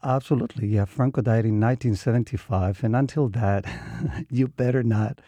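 A Spanish tour guide in his fifties with a Spanish accent, answering interview questions in a friendly, halting way. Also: mid-range voice, dark tone, no room sound. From Spain. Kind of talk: casual interview.

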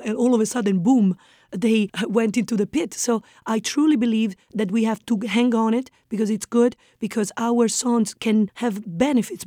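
A woman's voice: fairly high pitch, warm tone, no room sound, studio quality. A woman from Italy with an Italian accent, speaking earnestly as a guest on a radio interview, often restarting and repeating words.

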